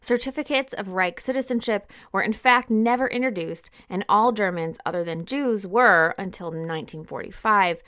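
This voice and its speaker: A woman's voice: medium pitch, moderate pace, few pauses, a bit bright. A woman co-hosting a history podcast, reading from her notes with casual asides. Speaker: podcast co-host.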